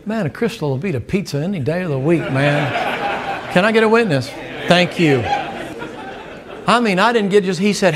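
An older man preaching a sermon, telling a folksy story, laughing and acting out the dialogue. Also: high voice.

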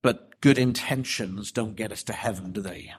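A man preaching an expository sermon, emphatic and deliberate, with rhetorical questions. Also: lowish voice, husky.

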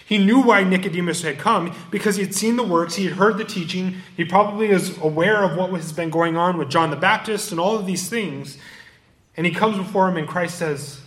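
Man, pastor, preaching, fairly high voice, scripture reading. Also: a little fast, fairly bright tone. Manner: expository preaching, quotes and rereads scripture. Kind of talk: sermon.

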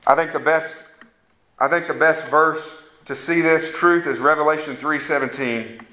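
A man's voice: fairly high pitch, fairly even intonation, normal speed, sharp tone. A man preaching a fervent sermon that rises to emphatic peaks. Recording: echoey room sound.

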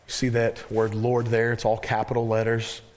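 A man preaching a sermon as pastor, earnest, often repeating words as he searches for a phrase and slowing down to stress scripture. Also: mid-range voice, completely flat delivery, darkish tone.

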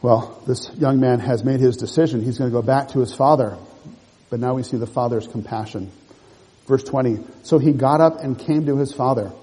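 A man preaching an expository sermon, earnest and emotional, reading scripture aloud and explaining it in short, measured phrases. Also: mid-range voice, dark tone, slightly rough. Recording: long hall reverb.

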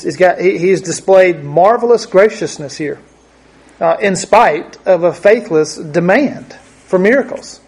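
Man, preacher, husky voice, a bit high-pitched, halting and repetitive, casual Bible teaching. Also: a little mellow. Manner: halting, thinks aloud, repeats words.

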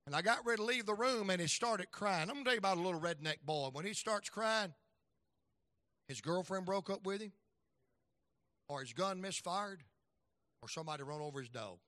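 A middle-aged man preaching a sermon as an evangelist, telling folksy stories and acting out voices, swinging from loud to soft. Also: high-pitched, lively intonation, a little fast, long pauses, no room sound, studio quality.

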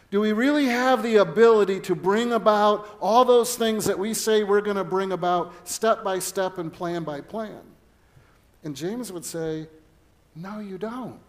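Middle-aged male pastor with a high voice, earnest sermon delivery with stories. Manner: earnest preaching mixed with personal storytelling.

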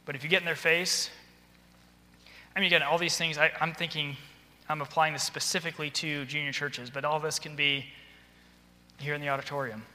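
A man giving a practical training talk to church workers, acting out stern and soft examples as he goes. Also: on the high side, fairly even intonation, brisk. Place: church auditorium. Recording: hall reverb.

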